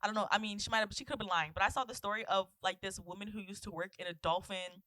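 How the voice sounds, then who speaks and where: A woman's voice: medium pitch, fairly even intonation, quick pace, bright, forceful tone, no echo. A woman in her twenties co-hosting a podcast, rambling through a story in casual chat with a put-on British accent. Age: 20s. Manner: rambling, chatty storyteller with many fillers. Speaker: podcast co-host.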